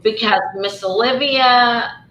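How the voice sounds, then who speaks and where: A woman with a Southern US accent hosts a casual live chat. She speaks very slowly and carefully, with a bright voice. The sound bounces around an echoey room. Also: on the high side, highs cut off, a little hiss or hum. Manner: slow and careful, hesitant. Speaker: live stream host.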